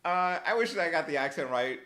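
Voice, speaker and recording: A man's voice: a little high, lively intonation, quick pace, a crowd in the background. A man talking casually about his own standup set, laughing easily and trailing off. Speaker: comedian guest.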